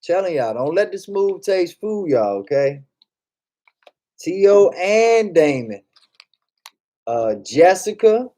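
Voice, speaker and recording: Guy streamer, kinda high voice, slow lazy talk, joking and cussing at chat. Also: sing-song, mellow. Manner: joking, profane, reads chat aloud. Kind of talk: casual chat.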